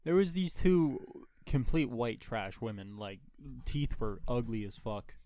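A man's voice: mid-range voice, expressive, unhurried, mellow. A young man telling work stories in casual chat, laid-back and swearing freely.

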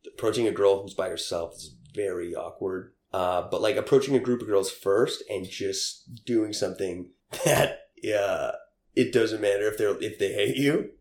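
A man's voice: lowish voice, normal speed, a little mellow, roomy sound. A young man telling casual stories in an interview, rambling with lots of fillers and frequent laughs. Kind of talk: casual storytelling.

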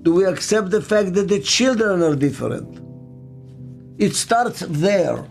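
Slow, emphatic older man speaking. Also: sits high, animated, creaky, faint music behind. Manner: slow, emphatic, repeats key phrases. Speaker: motivational speaker and author. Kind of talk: motivational talk.

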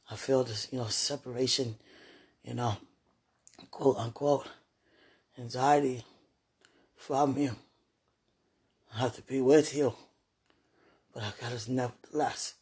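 A woman murmuring an emotional spoken prayer, soft-spoken and soothing herself. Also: rumbling low, slightly rough. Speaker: mother.

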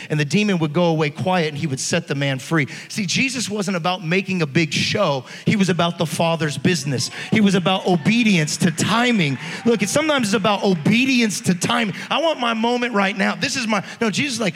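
A man preaches with a high, ringing voice that carries through a hall with long reverb. He tells stories in a hushed tone, then rises into loud, stirring calls to his congregation. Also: quick pace, few pauses. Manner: storytelling preacher, swings between hushed and loud. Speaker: pastor. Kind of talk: sermon.

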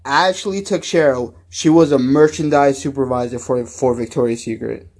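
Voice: mid-range voice, moderate pace, a little mellow. A podcast co-host in casual chat, blunt and wisecracking.

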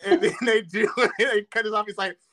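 Man, podcast guest, casual, hesitant, laughing, bright edgy voice. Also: sits high, expressive, a little fast. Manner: hesitant, laughs while talking. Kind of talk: casual chat.

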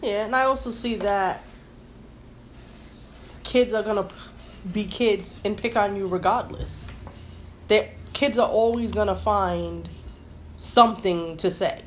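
A woman's voice: medium pitch, a little slow, long pauses, a little hiss or hum. A woman hosting a casual podcast discussion, asking questions and arguing her points in a conversational way. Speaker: podcast host.

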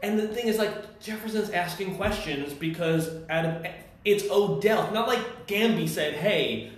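A man's voice: high-pitched, measured pace. A man co-hosting a casual podcast, recapping a TV episode in a rambling way and acting out the characters' lines. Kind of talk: casual chat. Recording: very echoey room.

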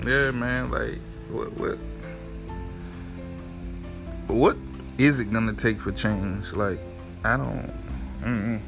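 Gravelly-voiced man on his podcast. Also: on the low side, fairly even intonation, slow, over music. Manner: loose, profane, rambling with many fillers. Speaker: podcast host. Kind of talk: casual solo podcast monologue.

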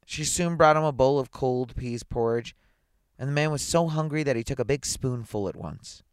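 A man reading a children's story aloud, playful and expressive, with chatty asides. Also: medium pitch, normal speed, clear, resonant tone, no echo, clean studio sound.

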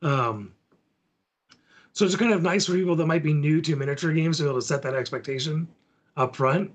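Speaking fairly quickly with a fairly high pitch, a male podcast co-host chats casually about tabletop gaming. His manner is laid-back, and he walks his audience through the steps.

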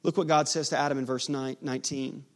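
A man preaching a sermon as pastor, lively and teasing with his congregation. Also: medium pitch, quick pace.

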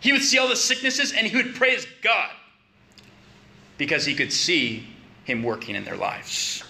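Male preacher, bright and higher-pitched, conversational sermon delivery with emphatic rises. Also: huge pitch swings, measured pace, vocal fry. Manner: conversational, rising to emphatic questions.

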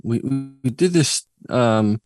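A man's voice: mid-range voice, lively intonation, slow pace, a little mellow, soft background music. A man hosting a radio show from a studio, bantering casually and joking with his co-host, rambling a little with filler words. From United Kingdom. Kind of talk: casual banter between co-hosts.

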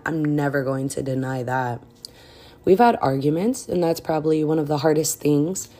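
Low, out-of-breath woman podcaster. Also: warm tone. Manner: frank and direct, many fillers. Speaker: podcast host. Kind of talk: casual advice talk.

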